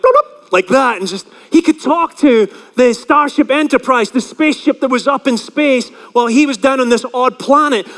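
A man's voice: extremely high pitch, big-room sound. A male pastor preaching a chatty sermon, often asking the congregation questions.

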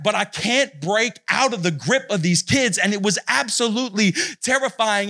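A high-pitched male pastor preaching to students at a retreat. He tells a story with lots of energy, then sinks his voice low and slow when he makes the point. He sounds like a man in his thirties, casual and direct with his listeners. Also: bright, forceful tone. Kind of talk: sermon with personal story. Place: youth retreat hall.

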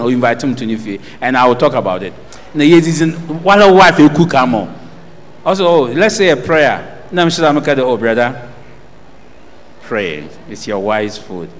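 A man's voice: fairly high pitch, in a large hall, a little hiss or hum. A man with a Ghanaian accent preaching a sermon, throwing questions out to the congregation for them to answer. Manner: call-and-response preaching, asking the congregation questions.

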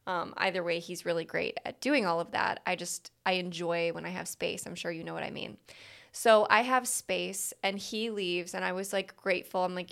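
A woman's voice: on the low side, fairly even intonation, moderate pace, vocal fry, fairly bright tone. A woman talking candidly in a reflective personal monologue, with many "like" fillers.

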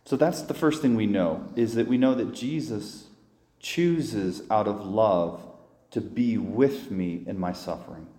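A priest gives a sermon in an echoey church hall, speaking earnestly and conversationally in a fairly low, mellow voice at a measured pace. He restarts sentences and voices the inner prayers he describes.

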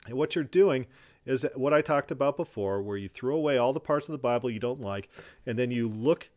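A man giving reaction commentary in an indignant, emphatic way. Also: mid-range voice. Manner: indignant and emphatic, quick bursts.

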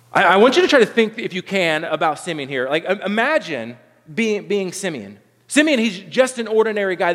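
A man in his thirties delivers a sermon in an earnest, conversational way, stumbling over and restarting his phrases as he goes. His voice sits a little high for a man. The sound carries the long reverb of a large church sanctuary. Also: a bit bright. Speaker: pastor.

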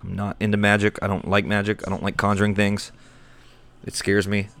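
A man with a low-pitched voice rants through an improvised comedy bit. He sounds exasperated and irritable, and he swears freely. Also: completely flat delivery, brisk, fairly bright tone. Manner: exasperated, profane and ranting.

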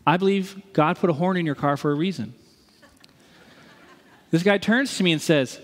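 A pastor from the East Coast preaching a sermon, telling a story with jokes and acted-out quotes, then praying. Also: male voice, a little high, moderate pace, long pauses, long reverb tail. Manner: animated, acts out quotes, jokey then earnest. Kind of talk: sermon with storytelling and closing prayer.

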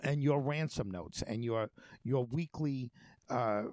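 A man's voice: mid-range voice, slow pace, darkish tone, no echo. A man hosting a talk show, telling stories in a rambling, conversational way with many fillers and restarts. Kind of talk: casual conversation.

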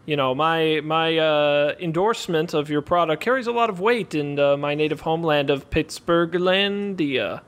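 A man's voice: fairly high pitch, moderate pace, few pauses, a bit bright, smooth, close to an everyday voice. A man voicing a pompous, self-important wealthy patron in a tabletop game, rambling and hesitant. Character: pompous wealthy male patron, smooth-talking.

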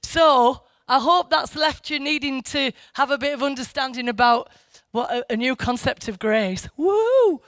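A man's voice: very high-pitched, steady tone, normal speed, sharp tone, dry recording, studio quality. A man giving an informal Bible teaching, reflective and a little hesitant. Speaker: church teacher.

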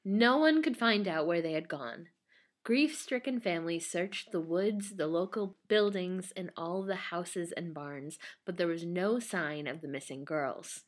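A woman's voice: on the low side, a little slow. Woman reading a spooky tale aloud. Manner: laughs often while reading a spooky tale. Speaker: podcast co-host telling a story. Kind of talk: casual chat and storytelling.

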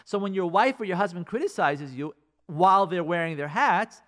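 A man, a rabbi, giving marriage advice in a casual, animated talk full of repeated rhetorical questions. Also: sits high, normal speed.

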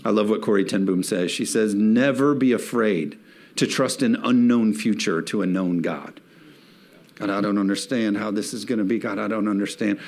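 A man's voice: lowish voice, moderate pace, darkish tone. A man preaching a sermon in a church, reading scripture and rising to emphatic peaks as he calls on the congregation to respond. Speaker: pastor.

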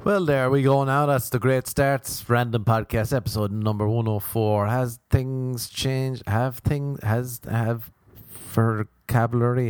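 A young man rambling through his own podcast, swearing freely and drifting from one joke to the next. His voice sits at an ordinary middle pitch and sounds close and dry, with no room echo. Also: fairly even intonation, unhurried, a little mellow, clean tone. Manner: rambling, swearing, jumps between silly impressions. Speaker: podcast host. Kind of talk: rambling comic podcast chat.

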